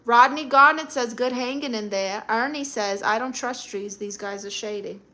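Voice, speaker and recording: A woman's voice: a little high, moderate pace, bright, forceful tone. A middle-aged woman with a Brooklyn accent, hosting a live stream and reading chat comments aloud with blunt, sassy comebacks.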